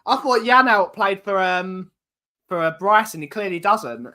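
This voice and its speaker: Male co-host from England, bright and fairly high voice, rattles off names, corrects his co-host. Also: animated, unhurried. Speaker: podcast co-host. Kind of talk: casual chat while playing a football quiz.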